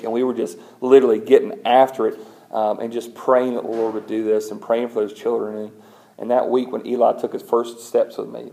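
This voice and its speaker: Mellow-voiced pastor preaching. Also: male voice, medium pitch, gravelly. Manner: conversational storytelling, animated when retelling. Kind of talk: sermon.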